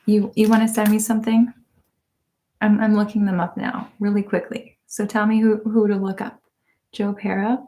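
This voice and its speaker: A woman hosting an ASMR live stream in casual chat with her viewers. She is soft-spoken, often drifts into whispers and laughs a lot. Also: mid-range voice, little pitch movement, moderate pace. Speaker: ASMR channel host.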